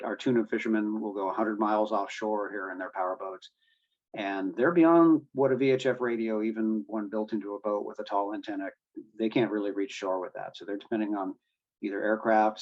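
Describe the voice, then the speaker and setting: A man's voice: lowish voice, a little mellow, highs cut off. A man explaining radio communications to a boating club, with many fillers and restarts. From United States. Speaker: guest speaker on marine radio.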